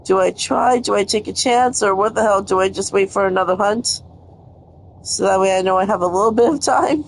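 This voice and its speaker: A woman's voice: mid-range voice, fairly quick, a little hiss or hum. A young woman giving live gameplay commentary, frustrated and cursing at the game as she plays. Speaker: gaming streamer.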